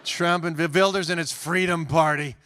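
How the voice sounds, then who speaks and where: Man, stage comedian, high voice, bright tone, mocking rants. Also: fairly even intonation, normal speed. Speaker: comedian co-host. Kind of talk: stand-up political comedy double act. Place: theater stage.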